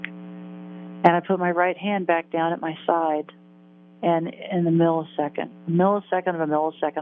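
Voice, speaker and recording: Earnest older woman on a phone line. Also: sits low. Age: 60s. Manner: earnest, vivid retelling with repeated phrases. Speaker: interview guest. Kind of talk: personal storytelling in an interview. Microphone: telephone.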